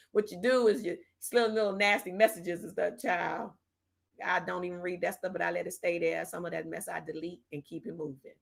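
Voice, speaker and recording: Running a casual political livestream, this woman reads viewer chat aloud and fires back bluntly with slangy sass, tossing in "child," "honey," and "okay?" Her voice sits lowish, gravelly and a bit bright.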